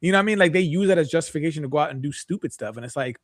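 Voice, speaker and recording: A man co-hosting a podcast who fires off his points at a rapid clip. His voice sits a bit high and comes across emphatic and animated. The recording is dry and close. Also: no room sound. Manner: emphatic, rapid and animated, with repeated rhetorical questions. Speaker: podcast co-host. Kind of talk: casual chat.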